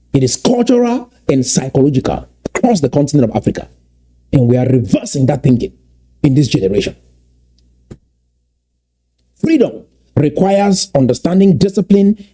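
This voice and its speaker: A man giving impassioned political commentary, emphatic and repeating key points slowly for weight. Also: on the high side, mellow, husky.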